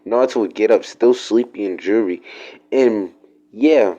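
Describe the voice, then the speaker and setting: A man's voice: on the low side, measured pace, warm tone, low-quality recording. A man telling a made-up story in a rambling, slangy, profane way. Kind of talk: casual fan-fiction storytelling.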